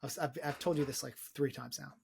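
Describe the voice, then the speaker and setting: A man's voice: mid-range voice, fairly even intonation, brisk, creaky, breathy edge. A young man co-hosting a film podcast, talking enthusiastically in a rambling way, repeating words and swearing freely. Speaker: podcast co-host. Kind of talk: casual film discussion.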